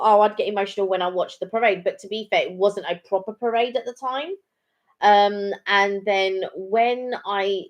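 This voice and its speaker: A middle-aged woman, co-hosting a live chat and telling stories in a rambling way, full of ums and restarts. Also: mid-range voice. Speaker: co-host of a live chat stream. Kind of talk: casual chat.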